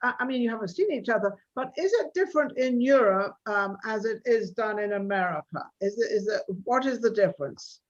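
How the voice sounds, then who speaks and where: A woman hosting an interview talk show, effusive and complimentary, asking halting questions. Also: on the high side, expressive, muffled recording.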